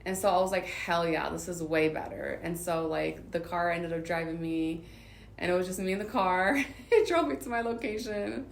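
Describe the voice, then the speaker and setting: A woman's voice: on the low side, normal speed, vocal fry, slight background noise. A woman from Southern California telling a personal story in casual, rambling talk, full of filler words. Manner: rambling, filler-heavy retelling. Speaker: vlogger. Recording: roomy echo.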